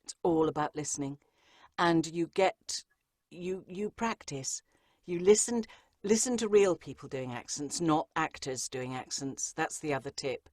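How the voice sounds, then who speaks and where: A woman audiobook narrator answering interview questions in a chatty, lively way, with frequent ums and asides. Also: sits low, measured pace, dry recording, clean studio sound.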